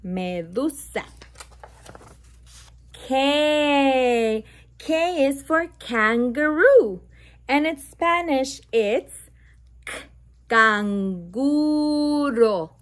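Reading to toddlers from a bilingual picture book, this woman uses an expressive, high voice. She drags out every letter sound slowly for emphasis and throws in playful animal noises.

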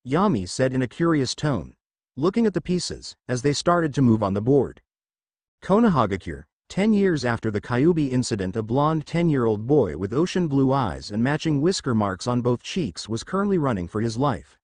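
A man narrating a fan fiction story aloud in a brisk storytelling way. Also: mid-range voice, big pitch swings, a little mellow, no room sound.

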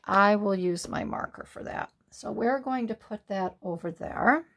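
A woman's voice: medium pitch, measured pace, gravelly, a bit bright. A woman hosting a card-making tutorial, thinking aloud in a casual, musing way as she works. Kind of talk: casual crafting tutorial talk.

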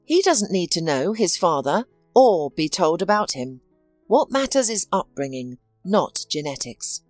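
A woman's voice: fairly low pitch, big pitch swings, unhurried, no echo, faint music behind. A woman reading the lines of a weary, betrayed young wife in a storybook narration, speaking weakly and sadly. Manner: weak, sad, resigned.

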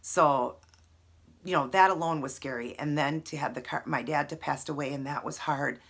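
Woman, thirties, very deep voice, husky, earnest, emotional, lots of ums, camera mic. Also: moderate pace, a bit bright. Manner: emotional, earnest, many fillers. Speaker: vlogger. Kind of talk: personal talk to camera.

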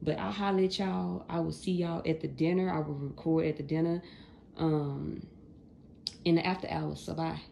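Woman in her late 20s just chatting to the camera, low voice, real gravelly, slangy and loose. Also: fairly even intonation, moderate pace, dark tone, slight background noise. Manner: chatty, talks straight to viewers, folksy slang. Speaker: vlogger. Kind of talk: casual chat to viewers.

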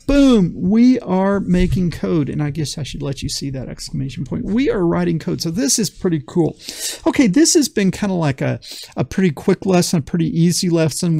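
A man's voice: fairly high pitch, vocal fry, warm tone, dry recording. A man teaching a beginner programming lesson in a folksy, enthusiastic way, often repeating phrases for emphasis. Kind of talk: screen-recorded coding lesson.

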